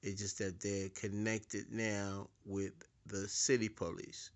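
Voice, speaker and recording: Slow, low-voiced man lecturing. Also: little pitch movement. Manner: deliberate, repeats words, swells louder for emphasis. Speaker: speaker giving a talk. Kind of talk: preaching-style lecture.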